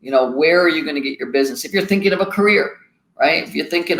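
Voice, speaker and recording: A man's voice: fairly high pitch, fast talker, fairly bright tone. A middle-aged man, a company founder, chatting casually as a guest and telling folksy anecdotes. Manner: folksy, tells anecdotes with quoted dialogue. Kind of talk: casual interview chat, storytelling. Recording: echoey room.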